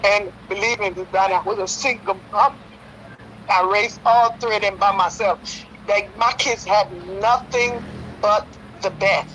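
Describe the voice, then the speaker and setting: A woman's voice: mid-range voice, fairly even intonation, measured pace, a bit bright, a little hiss or hum, rough recording. Hurt, pleading woman caller in her fifties. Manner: hurt, pleading, tells her story at length. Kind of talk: call-in radio talk.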